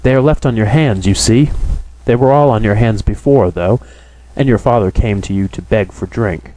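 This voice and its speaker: A man's voice: on the low side, moderate pace, warm tone, slight background noise, close to an everyday voice, poor audio. A man reading a bitter, brooding young man. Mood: probing. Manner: questioning, bitter. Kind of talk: audiobook character reading.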